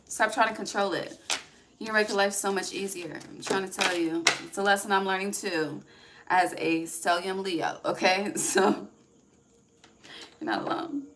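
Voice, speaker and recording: A woman's voice: medium pitch, fairly even intonation, moderate pace, noisy background. A woman giving a casual, rambling tarot reading, laughing often and trailing off mid-sentence. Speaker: tarot reader.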